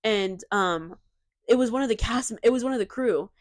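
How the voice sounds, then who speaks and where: Animated young woman podcast co-host. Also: a little high, normal speed, no room sound, studio quality. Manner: animated, emphatic, lots of fillers. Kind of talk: casual chat. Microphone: cheap desk mic.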